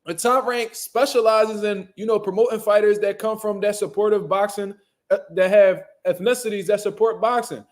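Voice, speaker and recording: A man's voice: high voice, steady tone, moderate pace. A man hosting a casual boxing commentary show, talking bluntly with heavy slang and profanity. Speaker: boxing commentary channel host.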